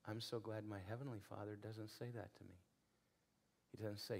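A man's voice: on the low side, flat delivery, moderate pace, creaky, a little mellow. A man preaching a sermon in an earnest, conversational storytelling way, repeating phrases for emphasis. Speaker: pastor.

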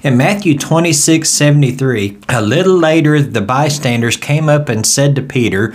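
A man's voice: medium pitch, normal speed, few pauses. A man with a Southern US accent leading a verse-by-verse Bible study in a folksy, conversational storytelling way.

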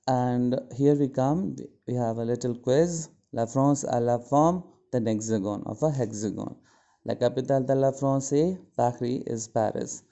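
A man teaching a French lesson, explaining slowly and translating phrase by phrase. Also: mid-range voice, creaky, dark tone. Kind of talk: classroom lesson. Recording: dull lo-fi sound.

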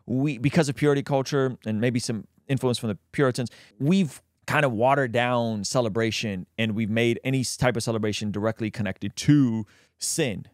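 A man hosting a Christian reaction commentary, animated and quick to laugh, explaining and reading Bible passages into a close mic. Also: mid-range voice, no echo. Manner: animated, bursts into laughter, reads scripture aloud.

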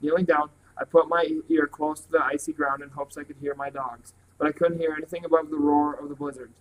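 A man reading a novel aloud at a plain, steady pace. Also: fairly high pitch, a little fast, slight background noise, poor audio. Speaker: reader.

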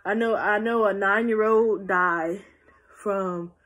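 A woman's voice: mid-range voice, steady tone, takes it slowly, fairly bright tone. A teenage girl answering viewer questions in a casual vlog, chatty and rambling with many restarts, sounding tired. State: tired and yawning. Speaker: vlogger. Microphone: phone.

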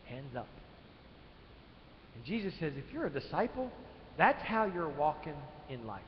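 A man preaching a sermon, swinging from loud emphatic lines to quiet ones, in a church sanctuary. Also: on the high side, big pitch swings, moderate pace, slight background noise. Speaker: pastor. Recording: echoey church hall, dull live stream.

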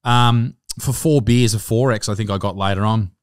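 A man's voice: on the low side, steady tone, moderate pace, clear, resonant tone, no room sound, studio quality. A man with an Australian accent hosting a podcast, telling stories in a sweary, ranting way. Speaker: podcast host. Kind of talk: casual podcast banter.

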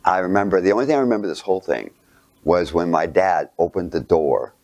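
Low-voiced man telling a story sermon. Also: a little fast, dull audio. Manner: animated, dropping to near whispers and asking rhetorical questions. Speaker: speaker.

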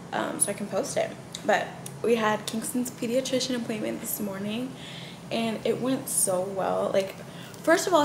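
A woman's voice: medium pitch, gravelly, reverberant, noisy background. A young woman chatting casually in a home vlog, gushing and full of "like.". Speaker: vlogger.

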